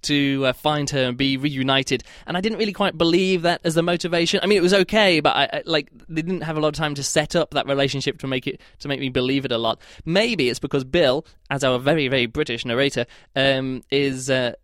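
A man's voice: mid-range voice, brisk, hardly any pauses, fairly bright tone, no room sound, clean studio sound. A man giving a casual spoken book review in a rambling, hesitant way, with lots of "like" and restarted phrases.

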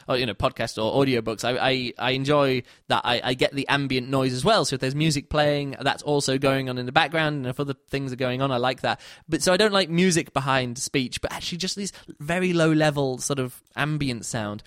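A man's voice: mid-range voice, fairly bright tone, no room sound, studio quality. A man giving a casual spoken book review, rambling and often correcting himself mid-sentence. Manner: rambling, self-correcting, many restarts.

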